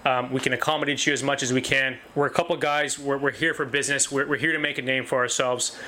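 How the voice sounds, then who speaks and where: A man's voice: medium pitch, steady tone, fast, bright, forceful tone, a little hiss or hum. A man who owns a butcher shop talks about his business with enthusiasm, repeating phrases and restarting his sentences often. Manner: enthusiastic, repetitive, many restarts. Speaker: butcher shop owner, guest. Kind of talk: casual interview talk.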